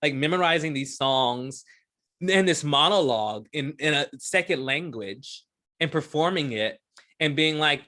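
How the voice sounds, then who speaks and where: A man from Houston, Texas chats as an interview guest, his voice bright and forward. He tells stories loosely, full of fillers and quick restarts. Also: a little high, lively intonation. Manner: chatty storyteller, many fillers and restarts. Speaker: guest, stage performer. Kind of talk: casual interview chat.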